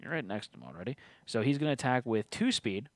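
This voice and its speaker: A man's voice: mid-range voice, big pitch swings, fast, dry recording, clean studio sound. A man hosting a tabletop game stream, reading rules aloud and teasing his co-player. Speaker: game host. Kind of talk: casual tabletop game play.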